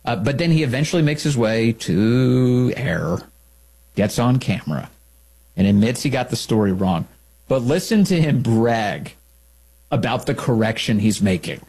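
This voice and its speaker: Male commentary host, husky tone, mid pitch; incredulous, mocking delivery. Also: animated, unhurried, a little mellow. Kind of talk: sarcastic solo commentary.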